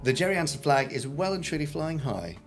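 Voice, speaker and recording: A man's voice: on the high side, very animated, fast, music in the background. A man co-hosting a podcast, chatting in an amused way as he reads out listener emails. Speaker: podcast co-host. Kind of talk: casual chat, reading listener emails.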